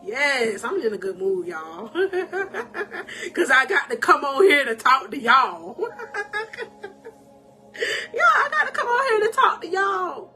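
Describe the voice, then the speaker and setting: A woman life coach with a high voice talks at a measured pace, faint music in the background. Her live-streamed encouragement is animated and emotional, punctuated by frequent laughter and preacherly calls to her viewers.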